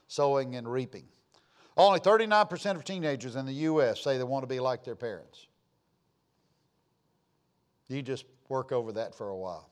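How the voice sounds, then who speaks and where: A man's voice: medium pitch, expressive, normal speed, long pauses. A man preaching a sermon, folksy and storytelling, rising and falling for emphasis.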